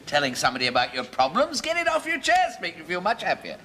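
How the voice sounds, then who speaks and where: A man's voice: high-pitched, huge pitch swings, fast talker, sharp tone, slight background noise, exaggerated voice. An actor playing a fussy, chatty pub landlord in a 1970s sitcom, chattering and laughing at his own jokes. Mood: cheery. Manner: chattering, giggling, self-amused. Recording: studio audience laughter.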